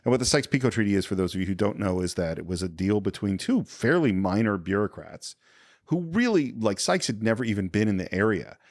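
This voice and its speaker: A man's voice: fairly low pitch, fast talker, no echo, clean studio sound. A man co-hosting a casual film podcast, retelling scenes with acted-out quotes and historical asides. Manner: animated storyteller, acts out quoted lines. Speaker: podcast co-host.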